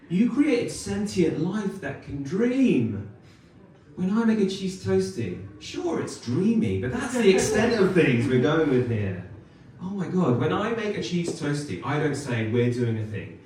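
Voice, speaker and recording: Wry British man doing stand-up. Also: mid-range voice. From United Kingdom. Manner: wry, self-deprecating, animated delivery with quick asides. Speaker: stand-up comedian. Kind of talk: stand-up comedy set. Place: comedy club stage. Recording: echoey club room, mic from some distance. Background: audience laughter.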